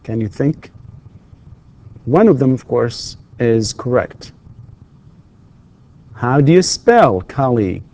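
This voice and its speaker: Speaking slowly in a mellow, sing-song mid-range voice, the man pauses often. He's an Arabic-speaking university English lecturer recording a lesson, repeating questions patiently for his students.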